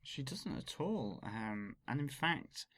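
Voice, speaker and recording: A man's voice: mid-range voice, very animated, takes it slowly, a bit bright, dry recording. A man co-hosting a podcast, explaining scenes and slang in an enthusiastic, chatty way. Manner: enthusiastic and explanatory, describing scenes with some fillers. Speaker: podcast co-host. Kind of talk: casual podcast chat.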